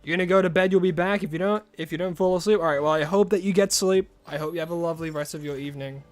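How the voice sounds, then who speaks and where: A man's voice: a little high, racing, faint music behind. A man streaming a game live, chatting casually with his viewers and rambling through asides. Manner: chatty, answers chat messages, rambling asides.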